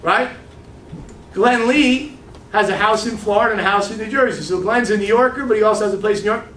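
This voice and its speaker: A man giving a casual, animated business training talk to a group, blunt and swearing freely, often checking in with "right?". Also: high-pitched, fairly quick, a little hiss or hum. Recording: echoey room, mic far off.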